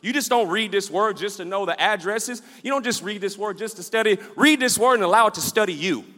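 High, bright-voiced preacher in an echoey church. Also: male voice, brisk. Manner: animated, repetitive preaching with call-and-response; storytelling, acts out the scenes he describes. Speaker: pastor. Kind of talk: sermon. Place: church sanctuary with a livestream.

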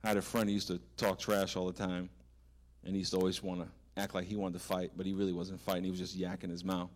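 A male pastor delivering a sermon in a church hall. His voice sits a little low and he preaches with big animated rises, then drops to a hushed, earnest prayer. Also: fast talker.

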